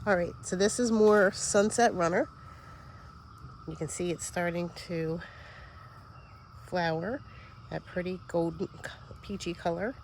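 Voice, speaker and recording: A woman's voice: on the low side, fairly even intonation, unhurried, long pauses, darkish tone, a little hiss or hum. Chatty woman touring her vegetable garden. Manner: chatty, easily distracted, self-correcting. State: sniffling. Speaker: home gardener giving a garden tour. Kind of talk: casual garden tour vlog.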